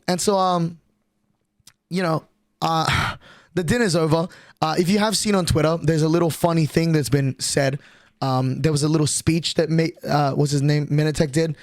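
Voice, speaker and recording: Brief: young male streamer, higher voice, swears a lot, rambles, dry close mic. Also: moderate pace, no room sound. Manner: profane, rambling, animated. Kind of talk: casual storytelling on a livestream.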